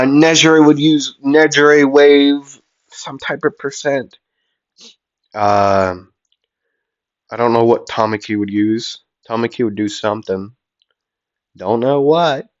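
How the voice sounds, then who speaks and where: Slow, rambling male storyteller. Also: mid-range voice. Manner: rambling, with hesitations and sound effects. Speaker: fan storyteller. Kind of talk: improvised fan-fiction narration. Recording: dull lo-fi audio.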